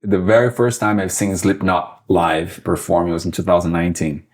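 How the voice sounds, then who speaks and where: Low-voiced Brazilian man, halting. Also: flat delivery, darkish tone. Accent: Brazilian Portuguese. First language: Portuguese. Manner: halting, many fillers and restarts. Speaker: guest musician. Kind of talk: casual interview chat.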